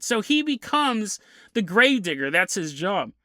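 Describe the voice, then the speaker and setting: A man's voice: high voice, big pitch swings, a little slow, bright, forceful tone, no room sound, clean studio sound. A man hosting a podcast, telling a ghost story in a casual, joking way and laughing often as he acts out characters' lines. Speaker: podcast host.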